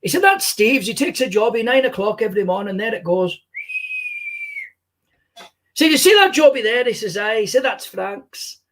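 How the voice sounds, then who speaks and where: A man's voice: sits high, very animated, moderate pace, long pauses, fairly bright tone, pitched above the performer's own voice, full character voice. A man doing an impression of a famous older Scottish comedian, telling rambling, sweary anecdotes in a Scottish accent. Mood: storytelling. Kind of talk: stand-up impression, storytelling.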